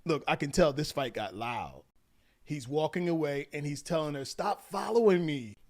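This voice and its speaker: Animated man, relationship coach. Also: a little high, moderate pace. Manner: animated, acts out quotes, addresses viewers as y'all. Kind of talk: commentary vlog.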